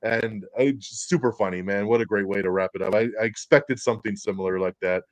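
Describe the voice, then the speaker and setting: A man's voice: on the low side, fairly quick, no room sound. A man hosting a casual podcast chat about movies, talking animatedly with frequent fillers and laughs. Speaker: podcast host.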